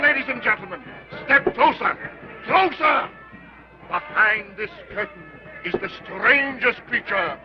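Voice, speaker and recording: An actor playing a loud carnival barker hawking a sideshow to passers-by, in 1930s film style. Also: male voice. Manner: booming, hawking. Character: loud male carnival barker drawing a crowd. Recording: dull old film soundtrack.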